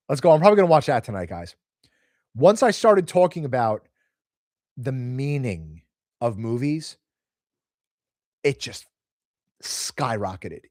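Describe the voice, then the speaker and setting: A man's voice: medium pitch, a little mellow, no room sound, clean studio sound. A man hosting a casual live stream from home, telling rambling stories and reading out viewer comments. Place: home, moving house.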